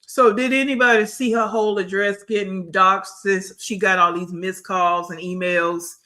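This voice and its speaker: A woman's voice: mid-range voice, fairly even intonation, normal speed, pushed and bright. A woman hosting a reaction livestream, scolding bluntly, repeating phrases for emphasis and greeting her live chat. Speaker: livestream commentary host.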